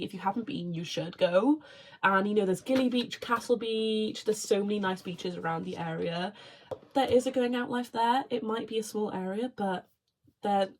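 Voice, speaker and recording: A woman's voice: mid-range voice, darkish tone. Chatty young woman from Wales. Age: young adult. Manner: chatty, bubbly, with quick asides. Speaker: vlogger, marine biology student. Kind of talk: casual chat to camera.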